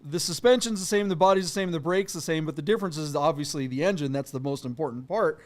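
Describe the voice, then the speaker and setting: A man's voice: fairly high pitch, fast talker. A man co-hosting a casual car auction podcast, rambling and correcting himself with lots of fillers. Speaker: podcast co-host.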